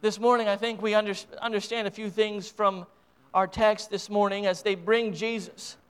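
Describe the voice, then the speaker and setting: Impassioned high-voiced American pastor preaching. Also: male voice, little pitch movement, moderate pace, clean tone. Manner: impassioned, emotional preaching with many restarts. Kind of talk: sermon.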